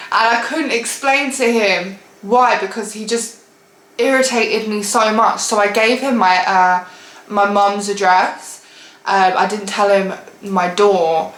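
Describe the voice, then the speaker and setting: A young woman telling a storytime vlog story in an animated, exasperated way and laughing often. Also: medium pitch, unhurried, roomy sound, rough recording. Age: young adult. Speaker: vlogger.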